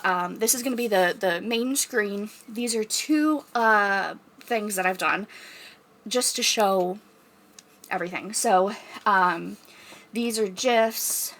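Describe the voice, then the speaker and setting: A woman's voice: medium pitch, a bit bright. A young woman, talking casually in a vlog and rambling through her plans with plenty of fillers and restarts. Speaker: vlogger.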